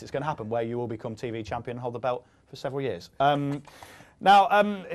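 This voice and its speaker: A man in his thirties hosting a casual studio chat, jokey and quick, with plenty of ums. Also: mid-range voice. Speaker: host.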